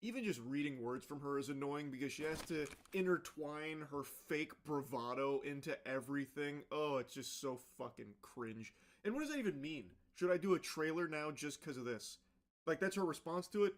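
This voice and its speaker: A man's voice: fairly high pitch, lively intonation, moderate pace, slight background noise. A man delivering ranting commentary in a scornful, exasperated way. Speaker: online commentator.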